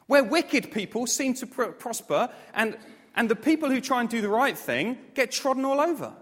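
A man preaching a sermon, animated and self-mocking, with jokey asides to the congregation. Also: sits high. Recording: long hall reverb.

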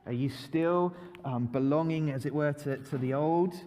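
Man, preacher, children's talk, mellow tone, long church reverb. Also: a little high, moderate pace, a little hiss or hum. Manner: lively, repeats phrases for listeners to join in. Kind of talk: children's sermon to a congregation.

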